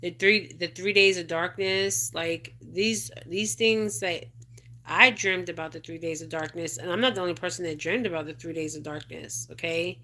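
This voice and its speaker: A woman's voice: on the low side, moderate pace, bright, forceful tone. A middle-aged woman hosting a casual livestream, reading viewer comments and rambling with lots of "okay?" and "you guys". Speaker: spiritual advisor livestream host.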